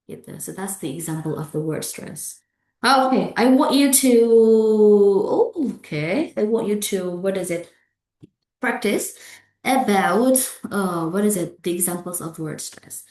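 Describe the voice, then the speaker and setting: Indonesian-accented woman lecturer, unhurried classroom drilling, echoey room. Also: mid-range voice, animated, a little mellow. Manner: drills words aloud, many fillers and checks like "okay?". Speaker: English pronunciation lecturer. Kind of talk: classroom lecture with repeated model words.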